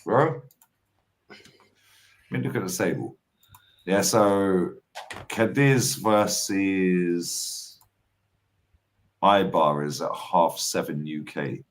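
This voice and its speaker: A man's voice: low voice, drawn-out words, long pauses. A man in casual chat, teasing, bantering and swearing freely.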